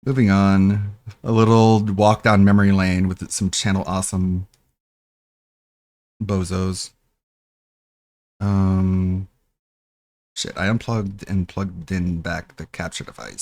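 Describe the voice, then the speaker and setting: A man's voice: low voice, little pitch movement, a little slow, long pauses, darkish tone, dry recording. A man streaming live, reacting to videos with mocking, scornful commentary and laughter.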